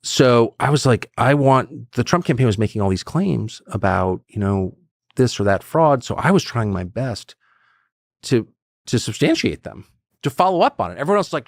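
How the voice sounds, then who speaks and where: A middle-aged man talking as a podcast guest, blunt and animated, acting out quotes with sudden high bursts. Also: moderate pace, no echo, studio quality. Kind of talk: casual conversation.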